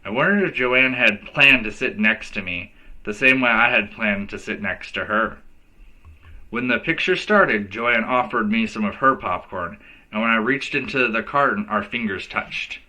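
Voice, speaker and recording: A man's voice: lowish voice, moderate pace, low-quality recording. A male teacher reading a children's novel aloud to kids, giving each character a voice. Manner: lively storyteller who voices each character.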